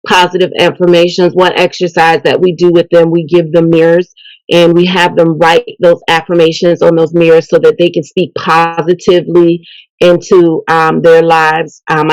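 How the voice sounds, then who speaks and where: A woman's voice: on the low side, no room sound, low-quality recording. A middle-aged woman, a mentor speaking earnestly about her work and faith in an interview. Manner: earnest, faith-filled, animated. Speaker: event host and youth mentor. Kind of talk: interview guest. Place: local TV interview.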